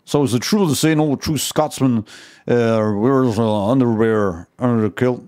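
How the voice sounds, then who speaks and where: A man's voice: mid-range voice, unhurried, darkish tone, natural voice. A man voicing a chatty, nosy man who quizzes a visitor with blunt questions. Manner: chatty, prying, mishears nothing, blunt questions. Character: nosy friendly American man at a motel.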